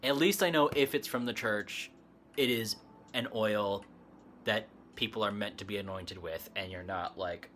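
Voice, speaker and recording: A man's voice: fairly low pitch, normal speed, fairly bright tone, slight background noise. A man hosting a casual livestream chat, telling a story in a rambling way, laughing often and using plenty of fillers. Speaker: livestream host.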